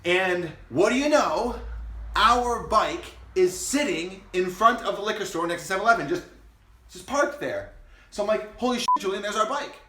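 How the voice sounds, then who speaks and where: A young man telling a story casually to the camera, animated and profane, then explaining his insurance business. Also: sits high, normal speed, slight background noise. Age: young adult. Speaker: vlogger and insurance agency owner. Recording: roomy echo.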